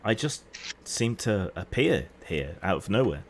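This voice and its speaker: A man voicing a lost, bewildered young female barmaid in a tabletop game, speaking plainly in a low voice. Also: very animated, unhurried, exaggerated voice.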